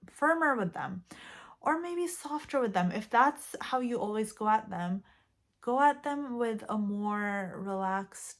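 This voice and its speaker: A young woman vlogger talking casually and animatedly, often acting out what to say. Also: fairly high pitch. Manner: chatty, animated, acts out quoted lines. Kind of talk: casual advice vlog.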